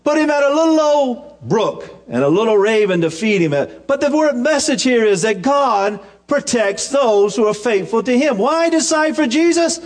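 Male preacher, high voice, folksy sermon with humorous asides, repeats himself. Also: animated, moderate pace, few pauses. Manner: repetitive, restarting phrases.

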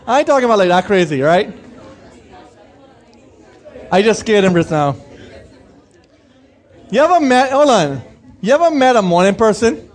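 A young man preaching a sermon in a high, light voice. He keeps it chatty and informal, asking the congregation direct questions. He breaks into brief impressions of the people he describes. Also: lively intonation, a little fast, long pauses, some chatter behind. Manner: conversational preaching, asks the congregation questions, acts out quoted voices. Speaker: pastor.

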